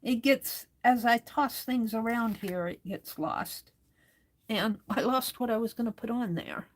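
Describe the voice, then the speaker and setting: A woman's voice: fairly high pitch, measured pace. A woman hosting a crafting livestream, chatting casually and reading viewer comments aloud as she works.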